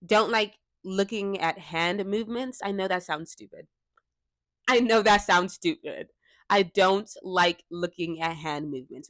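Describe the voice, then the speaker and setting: A woman's voice: medium pitch, a bit bright, no room sound. A young woman hosting a casual podcast, chatting in a self-deprecating way and swearing offhandedly. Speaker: podcast host. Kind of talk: casual chat. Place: bedroom at home. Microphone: cheap clip-on microphone.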